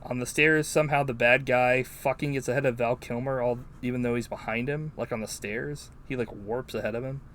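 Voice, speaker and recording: A man's voice: medium pitch, fairly quick, few pauses, slight background noise. Profane, rambling male podcast host. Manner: profane, rambling, animated retelling. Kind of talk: casual movie-review chat.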